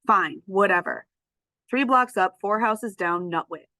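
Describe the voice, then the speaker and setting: A woman's voice: fairly low pitch, expressive, brisk, a bit bright, dry recording. A woman voicing a tough, sarcastic female dog in a storybook, scoffing and raising her voice. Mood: grudging.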